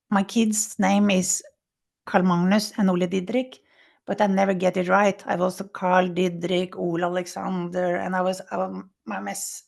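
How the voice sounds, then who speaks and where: A woman with a creaky, gravelly voice, caught mid-interview as she tells her own story. Her English is non-native and halting, full of restarts. She livens the tale by acting out the voices of the people in it, at a middle pitch. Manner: animated storyteller who acts out quoted speech. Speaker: interview guest. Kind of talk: personal recovery story told in conversation.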